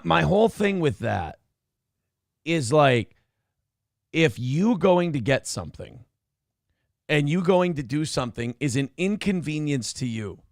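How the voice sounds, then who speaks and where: A man's voice: a little high, fairly bright tone, no room sound, clean studio sound. A man co-hosting a talk show, bantering playfully with mock-grand declarations. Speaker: co-host. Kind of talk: casual chat.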